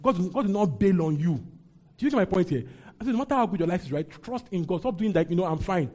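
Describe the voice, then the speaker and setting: Husky preacher man. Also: high voice, animated, quick pace, warm tone. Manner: call-and-response preaching, leads congregation reading aloud. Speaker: pastor. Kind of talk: sermon. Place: church with a congregation.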